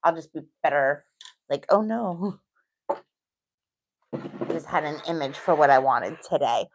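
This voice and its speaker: A woman's voice: sits low, moderate pace, a little hiss or hum. A middle-aged woman with a New York accent, chatting casually and reassuringly as she demonstrates a nail technique while thinking aloud. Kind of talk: casual tutorial talk.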